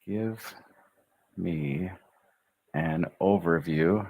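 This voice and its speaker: A man with an American accent teaching a livestream English pronunciation lesson, drilling words slowly syllable by syllable with upbeat asides. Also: low-pitched, narrow, tinny audio.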